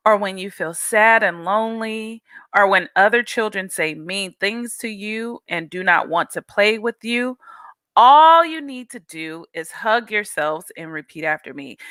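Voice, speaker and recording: A woman reads a children's story aloud at a slow, deliberate pace, leaning into each line for young listeners. Her voice is bright and clear, and the sound is dry and close. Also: medium pitch, dry recording. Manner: slow, emphatic storytelling, coaching children to repeat. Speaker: children's book author reading aloud. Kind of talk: expressive read-aloud to children.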